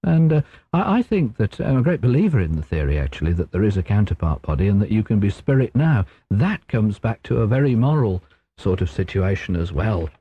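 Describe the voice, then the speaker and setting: Husky low-voiced English man on radio. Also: very animated. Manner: measured, explanatory. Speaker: clairvoyant guest. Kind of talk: radio phone-in chat. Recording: dull lo-fi radio broadcast.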